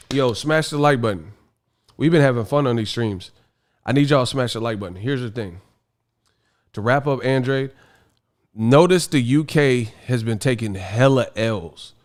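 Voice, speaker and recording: A man hosting a boxing livestream, ranting casually in an exasperated, slangy way and laughing often. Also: mid-range voice. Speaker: boxing stream host.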